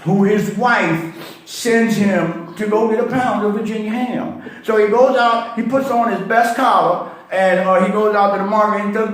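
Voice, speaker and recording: A man's voice: high voice, normal speed. A man calling in to a show, casually telling stories and jokes and laughing at his own punchlines. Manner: laid-back storyteller, laughs at own jokes. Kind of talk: casual phone-in joke telling. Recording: very echoey sound.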